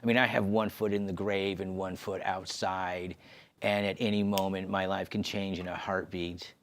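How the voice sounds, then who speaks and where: A man sharing an emotional personal testimony, halting and restarting as he talks. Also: sits low, level tone, slight background noise. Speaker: podcast host sharing his story. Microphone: on camera.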